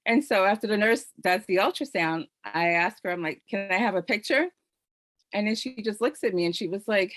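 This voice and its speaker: A woman's voice: mid-range voice, normal speed, fairly bright tone, no room sound. A middle-aged woman hosting a virtual panel, telling her own story in an earnest, heartfelt way full of "you know" fillers, over a video call microphone. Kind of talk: personal testimony on a virtual panel.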